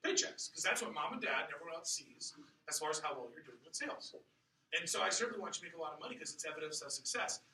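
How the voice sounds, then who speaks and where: A young man leading a motivational training talk for new sales staff, energetic and asking the room rhetorical questions. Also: on the high side, racing, slight background noise. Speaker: sales office manager. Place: room with audience. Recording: echoey room, mic at a distance.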